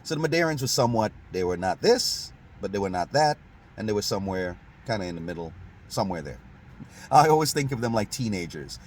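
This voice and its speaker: A man's voice: fairly low pitch, big pitch swings, a little fast, a little hiss or hum. A man from Saint Kitts and Nevis hosting a casual history chat, conversational, laughing often and restarting sentences. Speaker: host.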